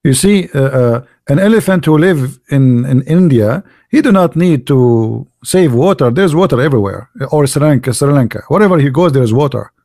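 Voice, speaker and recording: A man's voice: mid-range voice, expressive, moderate pace, few pauses, darkish tone, dry recording, studio quality. A man hosting a polemical monologue, mocking as he talks, asking rhetorical questions and repeating words for emphasis. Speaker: channel host.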